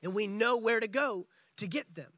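A man preaching a sermon. He acts out the scripture dialogue and swings between excited, quick bursts and hushed, drawn-out lines. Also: high voice, dry recording. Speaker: pastor.

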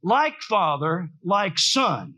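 A preacher booming as a commanding divine voice. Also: male voice, sing-song, exaggerated voice. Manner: slow, loud, commanding. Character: strong authoritative divine male voice.

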